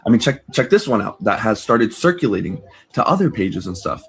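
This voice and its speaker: A man's voice: lowish voice, sing-song, brisk. A man guest on a podcast explaining things in a matter-of-fact way. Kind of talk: casual roundtable chat.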